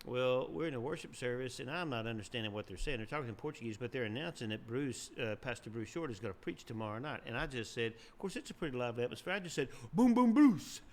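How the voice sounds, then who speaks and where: A man casually telling funny stories, animated and often laughing, his voice jumping up at the punchlines. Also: mid-range voice, fast, few pauses, slight background noise. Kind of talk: storytelling, casual chat.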